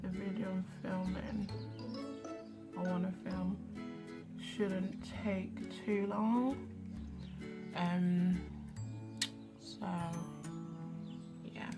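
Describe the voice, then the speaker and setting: Slow, chatty young woman. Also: medium pitch, fairly even intonation. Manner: chatty, rambling with fillers. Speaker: vlogger. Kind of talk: casual vlog chat. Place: indoors at home. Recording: music playing behind.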